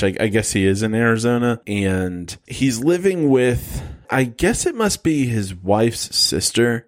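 A man with a fairly low voice runs through a film plot in loose, joking podcast chat. He laughs often as he tells it and jumps around mid-sentence. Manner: joking, animated retelling with laughs. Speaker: podcast co-host. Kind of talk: casual movie-review chat.

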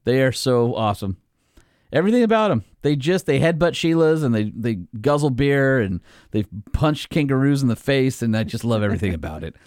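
Animated, jokey male podcast host. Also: medium pitch, brisk, no room sound, studio quality. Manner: animated, jokey, reads emails aloud with asides. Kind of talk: casual chat, reading listener emails.

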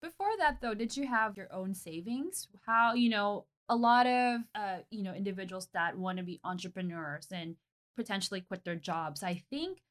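A woman's voice: mid-range voice, expressive, normal speed, fairly bright tone. Woman host asking careful follow-up questions, plain mid voice. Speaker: interviewer. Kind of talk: interview questions.

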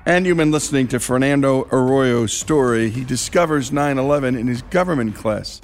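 A man hosting a storytelling show, introducing segments with smooth, upbeat presenter delivery. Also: mid-range voice, normal speed, soft background music. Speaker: host.

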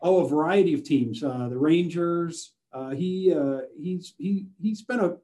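A man's voice: on the high side, a little slow, warm tone. A man speaking as a sales manager and guest in a casual interview from his office, friendly and full of fillers. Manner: friendly, filler-heavy with many uh's.

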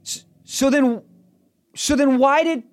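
A man on a podcast telling a comic story in casual chat, swearing and rising to loud, indignant outbursts. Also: extremely high pitch, slow. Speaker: podcast host.

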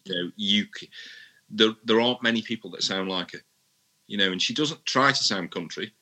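A man chatting as a guest in an interview, relaxed and often repeating words while he thinks. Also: on the low side, moderate pace. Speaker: musician guest. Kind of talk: casual interview chat.

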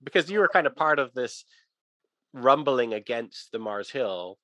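A man hosting a podcast interview, asking quick, curious follow-up questions. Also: medium pitch, animated, sharp tone, no echo. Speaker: podcast host.

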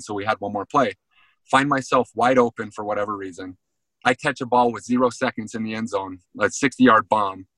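A man's voice: medium pitch, dry recording, poor audio. A man, a former college football player, telling a story in a casual interview and often saying "man". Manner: animated storyteller, says "man" a lot.

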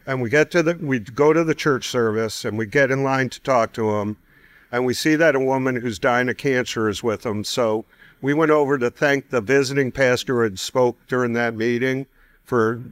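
A man's voice: mid-range voice, no echo. Man telling a story, dry recording. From United States. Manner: conversational, animated, acts out quoted voices. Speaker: guest storyteller. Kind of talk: personal testimony storytelling.

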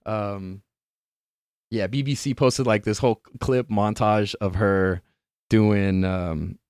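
A man's voice: lowish voice, fairly even intonation, slow, a little mellow, smooth, no echo, clean studio sound. A man hosting a live-streamed podcast in a loose, rambling way, laughing often and swearing casually.

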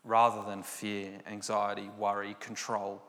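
A man's voice: on the low side, monotone, a little slow, fairly bright tone. A man giving a personal Christian testimony, storytelling and acting out the dialogue. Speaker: Christian speaker sharing testimony. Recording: long hall reverb.

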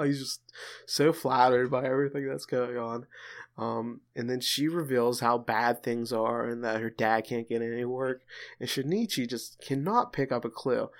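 A man's voice: mid-range voice, normal speed. A man co-hosting a podcast, chatting casually and animatedly, retelling scenes with jokes. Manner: animated, joking storyteller. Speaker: podcast co-host. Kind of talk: casual chat.

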